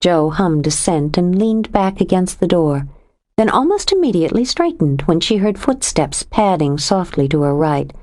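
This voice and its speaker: A woman narrating a suspense audiobook in a steady, measured reading voice. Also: fairly low pitch. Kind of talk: scripted narration.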